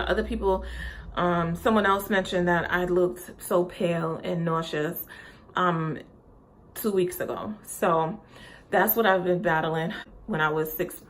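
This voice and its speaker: A young woman chatting casually in a pregnancy update vlog, rambling with lots of fillers and restarts, often a little out of breath. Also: lowish voice. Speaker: vlogger.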